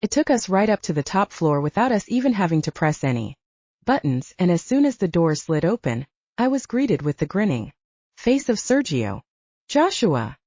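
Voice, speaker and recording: Woman audiobook narrator, low and mellow, animated delivery, dry dull sound. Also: normal speed, dry recording. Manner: expressive storytelling. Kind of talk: scripted narration.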